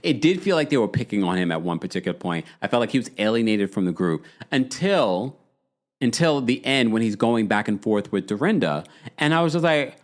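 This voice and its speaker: A man hosts a live talk show in a loose, chatty way, with a voice that swings widely up and down in pitch. He drops into quick impressions of the people he talks about. His voice sits at a middling pitch for a man. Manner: animated, acts out quoted lines in shifting voices. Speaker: podcast host recapping reality TV. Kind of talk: casual chat, reading out live chat comments.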